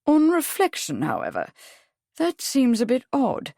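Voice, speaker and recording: A woman's voice: sits high, huge pitch swings, unhurried, gravelly, darkish tone, no room sound, studio quality, voice pushed up, full character voice. A woman voicing a polite, probing male barrister questioning a witness in an audiobook. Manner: courteous, mild, precise questioning.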